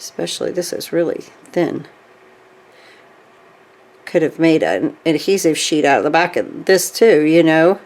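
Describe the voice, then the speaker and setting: A woman with a slightly low voice walks through a stitching craft at her table. She talks in a chatty, easygoing way and keeps checking in with the viewer as she goes. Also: expressive, measured pace, long pauses, a little mellow. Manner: chatty, frequent "okay?" check-ins. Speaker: craft tutorial host. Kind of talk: hands-on craft demonstration.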